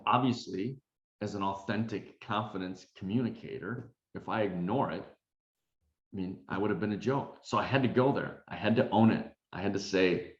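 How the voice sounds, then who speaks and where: Male confidence coach, middle-aged, low voice, echoey and slightly dull sound, self-deprecating storyteller. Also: normal speed. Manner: animated, self-deprecating, with many fillers. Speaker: confidence coach and keynote speaker. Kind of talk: storytelling talk. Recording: roomy, dull recording.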